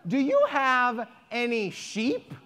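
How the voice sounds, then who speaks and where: A woman voicing a patient, wise male rabbi who speaks in a reassuring, steady way, as part of a story told aloud. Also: fairly high pitch, takes it slowly, heavily acted. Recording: echoey hall.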